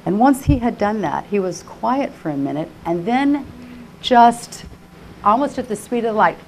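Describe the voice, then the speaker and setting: An older woman preaching an emotional personal testimony sermon, fervent and repetitive, swinging from hushed tones to crying out. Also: on the high side, expressive, a little slow, a little hiss or hum. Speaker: conference speaker.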